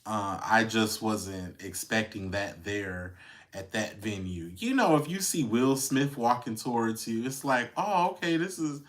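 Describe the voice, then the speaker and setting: A man's voice: lowish voice, expressive, a little slow, fairly bright tone. A man hosting a podcast, chatting casually and wryly about celebrity news. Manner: chatty and wry, with lots of fillers and laughs. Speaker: podcast host. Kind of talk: casual gossip commentary.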